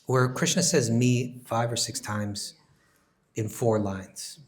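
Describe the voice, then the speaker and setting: A man teaching a scripture class, answering questions in an animated, emphatic way and often repeating words as he thinks. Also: mid-range voice, slow pace.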